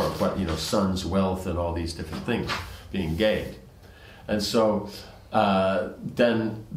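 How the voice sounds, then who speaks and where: A man teaching, reading scripture aloud with commentary and rambling asides full of restarts. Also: low voice. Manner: rambling, many restarts and "you know"s. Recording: roomy echo.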